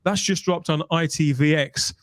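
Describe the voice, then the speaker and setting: A man hosts a live panel show, chatty and quick to laugh. His voice sits a little high. The sound is close and dry, with no room echo. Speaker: host. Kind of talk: casual chat.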